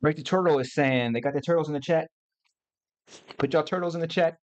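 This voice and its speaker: A man's voice: fairly high pitch, fairly quick, lo-fi sound. A middle-aged man hosting a casual livestream, talking to viewers in a loose, playful, slangy way. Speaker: host.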